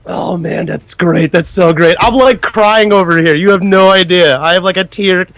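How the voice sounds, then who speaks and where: A man co-hosting an online show, talking in a loud, animated, swear-heavy casual chat. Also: high voice, moderate pace, gravelly, no room sound. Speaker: podcast co-host.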